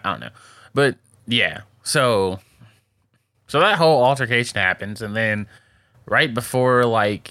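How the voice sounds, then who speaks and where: A man narrates anime scenes to his co-host in loose, slangy talk, laughing along the way. His voice is bright and forward. The sound is dry and close. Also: fairly low pitch, no room sound. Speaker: podcast co-host. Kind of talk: casual anime recap chat.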